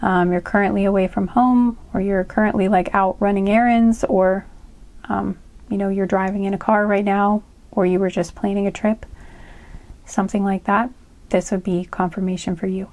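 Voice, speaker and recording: A woman's voice: medium pitch, fairly even intonation, moderate pace, a little mellow. A young woman giving a casual card reading, chatty and full of "um" and "like". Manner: chatty, lots of fillers like "um" and "like"; giggly, laughing fits. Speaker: tarot reader.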